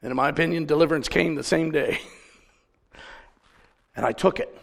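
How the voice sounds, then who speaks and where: A man preaches a conversational sermon, telling stories and asking the congregation questions. His voice sits a little high, with vocal fry, and he speaks at a moderate pace. A long reverb tail trails his words.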